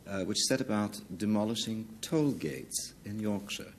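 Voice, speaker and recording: A man with a very low voice gives a plain, matter-of-fact definition on a panel game. A faint hiss sits under him. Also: unhurried.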